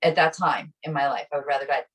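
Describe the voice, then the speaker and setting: A middle-aged woman co-hosting a casual conversation, telling a personal story with animated delivery and acting out the voices of people she quotes. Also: deep voice, fast talker. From Italian American. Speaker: podcast co-host. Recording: voice a bit distant from the mic.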